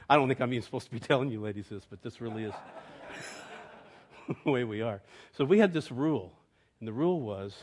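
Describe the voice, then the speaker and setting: Animated preacher swinging from loud to hushed. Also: male voice, mid-range voice, normal speed, pauses often, slightly rough. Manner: swings from soaring emphatic proclamation to hushed, chuckling storytelling. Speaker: pastor. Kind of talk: sermon with storytelling.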